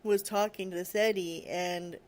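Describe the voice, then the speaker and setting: A podcast host telling a story in a loose, conversational way. The voice sits at an ordinary middle pitch, and the telling is packed with "you know" and "like," with small laughs slipping in between. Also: fairly even intonation, normal speed, darkish tone. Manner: laughs now and then while telling. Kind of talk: casual storytelling.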